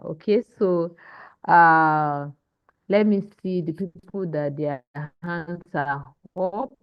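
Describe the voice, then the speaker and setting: A woman teaching Portuguese in an online class, modeling words slowly and checking in with "okay?" and "hmm?" over a video call. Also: lowish voice, clear, resonant tone, no room sound. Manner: slow, deliberate modeling of pronunciation. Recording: dull lo-fi call audio.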